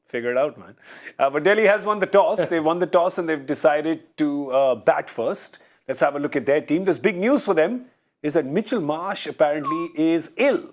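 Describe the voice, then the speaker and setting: A man's voice: fairly high pitch, animated, moderate pace. A man hosting a pre-match cricket studio show, reading out team news with breezy jokes. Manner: breezy, jokey. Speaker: host.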